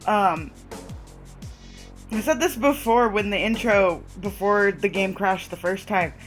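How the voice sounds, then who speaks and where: A woman's voice: medium pitch, slow. A woman chatting casually and giggling as she plays through a story game, over faint music. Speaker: let's play gamer. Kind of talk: casual game commentary and reading narration.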